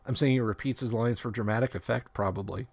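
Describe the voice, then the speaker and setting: A man's voice: mid-range voice, fairly even intonation, quick pace, creaky, no room sound. A man hosting a casual livestream, reading tabletop rule text aloud and breaking off for joking asides and self-corrections. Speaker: livestream host.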